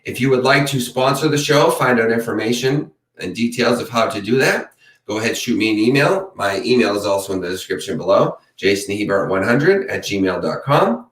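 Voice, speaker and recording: A man's voice: on the low side, animated, brisk, fairly bright tone, recorded from a distance. A chatty man closes his live stream in a loose, rambling way and answers viewer comments as they come in. He sits back from the mic, and the sound carries in a roomy space. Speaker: true crime channel host. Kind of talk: casual live-stream sign-off.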